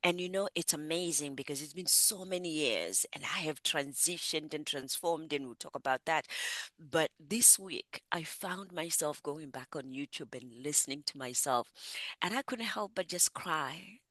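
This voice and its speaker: A middle-aged woman from Zimbabwe speaks in a low, grounded voice as an interview guest. She is earnest and reflective, circling back and restarting her phrases as she talks. The sound is dry and close. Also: moderate pace, sharp tone, no echo. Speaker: psychotherapist and author, guest. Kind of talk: conversational interview.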